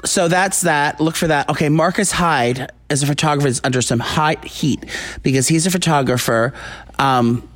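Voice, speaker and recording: A man's voice: fairly high pitch, moderate pace, a bit bright. Rambling man chatting celebrity gossip. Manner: rambling, many restarts and fillers. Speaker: podcast co-host. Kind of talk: casual celebrity gossip chat.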